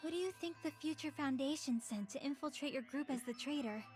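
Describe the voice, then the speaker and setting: A woman voicing a soft-spoken game girl, high and gentle. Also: fairly quick, soft background music, close to an everyday voice. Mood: pleading. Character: calm soft-spoken young girl who confesses as the traitor. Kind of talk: video game voice acting.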